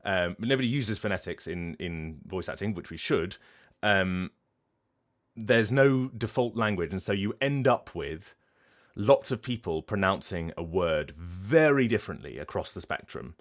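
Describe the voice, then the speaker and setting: Low-voiced man musing on a livestream. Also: expressive, a little slow. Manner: thoughtful, explaining at length with frequent restarts. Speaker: voice actor and streamer. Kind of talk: casual livestream talk.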